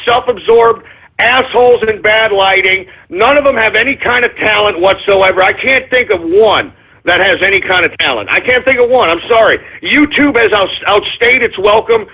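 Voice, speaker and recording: A man's voice: high voice, animated, normal speed, husky. Ranting man on a muffled phone line. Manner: angry, profane, repetitive ranting. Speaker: radio show host. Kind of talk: ranting call-in radio monologue.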